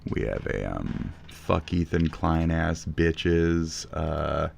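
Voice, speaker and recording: Young male streamer, very low voice, crude and taunting, reacts to chat live. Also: expressive, slow, gravelly, slight background noise. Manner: profane, mocking, loud taunting outbursts.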